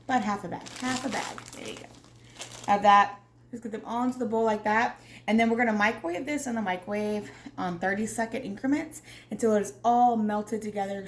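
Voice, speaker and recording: A woman hosts a casual cooking demo from her home kitchen, chatting freely and poking fun at herself. Her voice sits at an ordinary middle pitch. The room is echoey and noisy around her. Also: fairly even intonation, fairly quick. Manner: chatty, self-deprecating, addresses viewers as y'all. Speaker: cooking video host. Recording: echoey kitchen with loud background noise.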